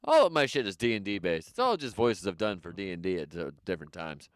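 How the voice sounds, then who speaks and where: A man's voice: low-pitched, very animated, no room sound, studio quality. A man co-hosting a comedy podcast over a video call, rambling and joking. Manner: rambling, joking, quick to do voices. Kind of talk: casual chat.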